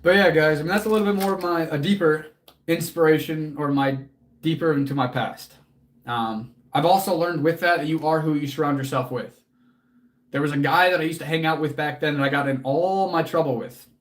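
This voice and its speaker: A man's voice: on the high side, a little fast. A man hosting a casual livestream as a fitness coach, answering chat in an earnest, motivational way, casually swearing and close to tears.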